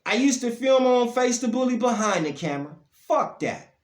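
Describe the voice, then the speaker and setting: A man, ranting bluntly about dog breeding, his voice swinging from low grumbles to loud outbursts. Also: lively intonation, normal speed, echoey room. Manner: blunt, profane, heated, pitch and loudness swinging up and down. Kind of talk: ranting monologue to camera.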